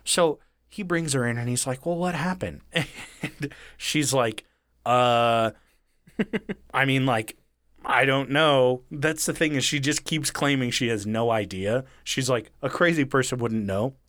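A man's voice: medium pitch, unhurried, fairly bright tone, dry recording, studio quality. A man retelling a story in casual, profane chat, acting out the lines of the people in it. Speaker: podcast co-host retelling a true story.

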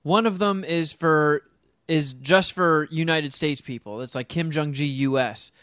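A man's voice: a little high, a little slow, a bit bright, clear, resonant tone, dry recording, studio quality. Enthusiastic man gushing in casual chat.

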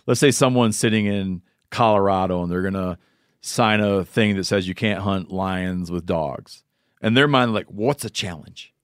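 A man hosting a podcast in casual conversation, thinking out loud and acting out imagined scenes. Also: low voice, moderate pace, clean tone, no room sound, clean studio sound. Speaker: podcast host.

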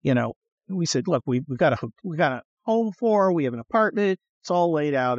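Middle-aged male host, swearing storyteller, swooping lively pitch, dry and slightly muffled sound. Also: a little fast, no echo. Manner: profane, animated, acts out quoted voices. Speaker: podcast host. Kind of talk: casual storytelling chat.

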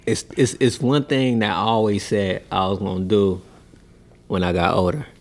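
A young man in casual chat, laid-back and sometimes low and mumbled. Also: steady tone, moderate pace.

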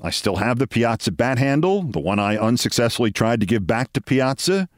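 A man's voice: medium pitch, very animated, fairly quick, dry recording, studio quality. A man in his sixties hosting a show, telling a personal story in a wry monologue and acting out the voices of the people in it.

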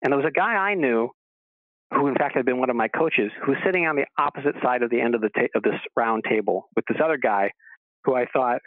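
A man's voice: mid-range voice, fast talker, no echo. A man telling a long rambling story as a guest on a radio show, stammering through restarts and acting out the people he quotes. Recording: dry phone-line sound.

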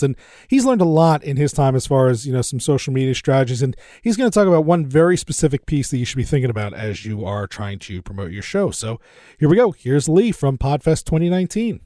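A man hosting a podcast interview at a convention, giving brisk and upbeat announcer-like introductions. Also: medium pitch, warm tone, no room sound, clean studio sound. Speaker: podcast host. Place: convention floor.

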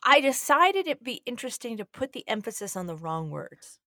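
A woman with a bright, sharp, fairly high voice co-hosts a podcast. She chats casually, wry and a touch theatrical. The recording is close and dry. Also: big pitch swings, moderate pace, no room sound. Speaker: podcast co-host. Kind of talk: casual chat.

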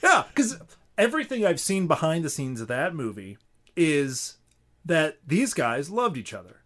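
Male podcast co-host, slightly high voice, keen and argumentative. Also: sing-song, a bit bright. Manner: enthusiastic, quick to argue a point. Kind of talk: casual chat.

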